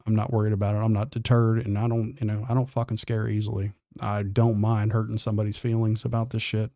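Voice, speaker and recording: A gravelly, dark-toned man chats on a morning livestream, reading comments aloud. He is blunt, profane and defiant, drawling through false starts, and his voice sounds close and dry. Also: fairly low pitch, flat delivery, fast talker, dry recording. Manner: drawling, with restarts. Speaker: livestream host.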